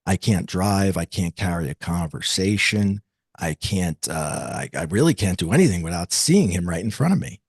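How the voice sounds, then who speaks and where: A man's voice: sits low, lively intonation, normal speed, slightly rough, no room sound, clean studio sound. A man, as an interview guest, telling a personal story in an earnest, confessional way and acting out the dialogue.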